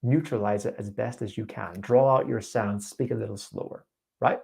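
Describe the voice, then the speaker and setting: A man's voice: on the low side, normal speed, gravelly, darkish tone, husky. A man teaching an IELTS speaking class live online, giving a student encouraging tips over a video call. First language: English. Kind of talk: live online coaching session.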